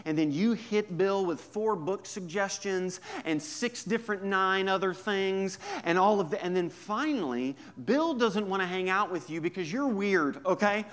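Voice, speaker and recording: A man preaching a sermon as a pastor, conversational and humorous, moving between hushed asides and emphatic points. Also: high voice, normal speed, few pauses.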